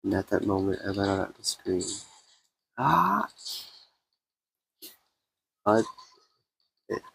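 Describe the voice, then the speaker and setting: A man streaming a game, reading its text aloud in a subdued way and breaking off for quick comments. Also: deep voice, monotone, creaky, low-quality recording.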